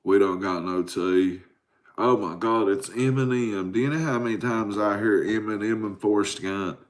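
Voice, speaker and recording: Late at night on his livestream, a man in his forties answers viewers, drowsy, profane and rambling as he comes down from a caffeine crash. He speaks at a moderate pace with a fairly low pitch.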